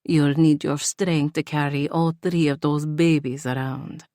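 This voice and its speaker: A woman puts on a doting, middle-aged Italian aunt from a storybook romance, motherly and fussing. The voice is dry and close, with an unhurried pace. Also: low-pitched, flat delivery, dark tone, no echo.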